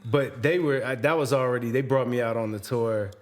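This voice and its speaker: A man's voice: medium pitch, fairly quick. A man co-hosting a podcast, telling loose, rambling stories in a casual chat. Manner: rambling storyteller with restarts and laughs. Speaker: podcast co-host and hip-hop artist.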